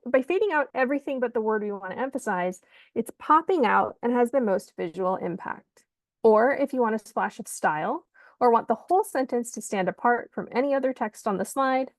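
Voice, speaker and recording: A woman giving an online lesson on designing pitch slides, speaking clearly and emphatically like a teacher. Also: no echo. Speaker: pitch coach. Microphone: video call.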